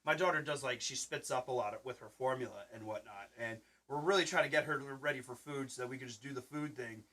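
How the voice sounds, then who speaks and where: A man's voice: mid-range voice, a little fast. A man in his thirties hosting a casual podcast chat, rambling through stories and acting out what people said. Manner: rambling storyteller, acts out quotes loudly. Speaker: podcast host and Twitch streamer.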